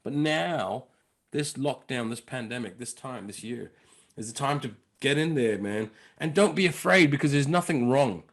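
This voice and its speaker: A man with a London accent, a comedian guest on a podcast, rambling through stories in a lively way. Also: mid-range voice, moderate pace. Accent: English, London. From England. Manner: animated, rambling storyteller. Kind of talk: podcast conversation.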